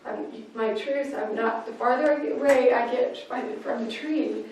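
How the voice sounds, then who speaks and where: A woman giving a parenting workshop talk, lively and acting out little scenes as she teaches. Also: a little high, moderate pace. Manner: lively, acts out scenes in voices. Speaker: parenting class speaker. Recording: echoey room, mic far off.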